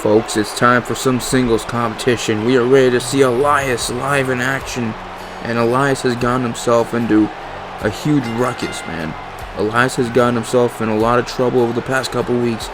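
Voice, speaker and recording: A man doing excitable, casual play-by-play commentary on a wrestling match. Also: mid-range voice, moderate pace, music in the background, poor audio. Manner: excitable, emphatic, casual swearing.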